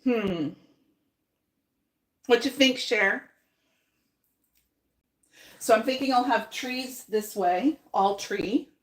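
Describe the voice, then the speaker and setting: A woman's voice: a little high, very slow, pauses often, roomy sound. A woman hosting a live paint-along. She chats with her viewers, thinks aloud and laughs often while she works. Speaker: painting host.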